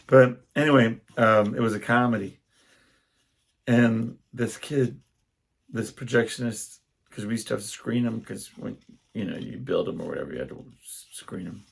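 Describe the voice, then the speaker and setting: A young adult man hosting a casual solo podcast, telling rambling stories and often stopping to restart his sentences. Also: fairly low pitch. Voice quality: gravelly, husky. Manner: rambling, self-interrupting storyteller. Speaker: podcast host.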